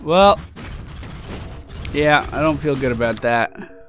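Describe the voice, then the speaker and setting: A man hosting a let's play, giving casual gameplay commentary in an excitable way, swearing often and reacting loudly to loot. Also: mid-range voice, slow, soft background music.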